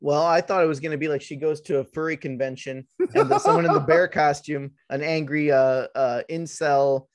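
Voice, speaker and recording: A man's voice: on the high side, steady tone, brisk, hardly any pauses, dry recording. Rambling, giggly male podcast co-host. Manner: rambling, giggly, many fillers. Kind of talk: casual comedic chat.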